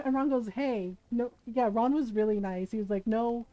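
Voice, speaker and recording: A woman's voice: a little high, moderate pace, few pauses, dark tone, dry recording, low-quality recording. A middle-aged woman streaming, telling stories in casual chat and laughing often as she talks. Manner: chatty storyteller, laughs often.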